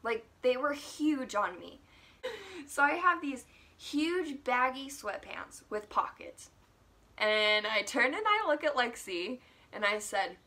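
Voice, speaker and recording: A young woman recounts a personal story in a casual storytime vlog. Her voice sits fairly high and sounds bright and crisp. She is animated, laughs often and fills her sentences with "like.". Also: takes it slowly. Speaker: vlogger.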